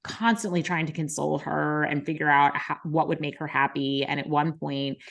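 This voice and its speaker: Low-voiced woman talking frankly. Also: fairly even intonation, moderate pace, gravelly. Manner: frank, many likes and ums, emotional retelling. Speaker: podcast host. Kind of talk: candid conversational storytelling.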